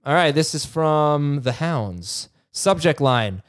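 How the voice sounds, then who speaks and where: Halting man hosting a fantasy sports podcast. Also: a little high, lively intonation. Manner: halting, many restarts, reads questions aloud. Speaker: podcast host. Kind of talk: casual chat, reading listener emails.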